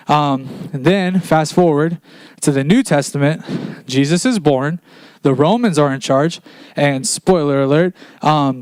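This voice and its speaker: A man preaching a casual sermon in a church, retelling scripture as a relaxed story in everyday slang. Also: fairly high pitch, clean tone, no room sound.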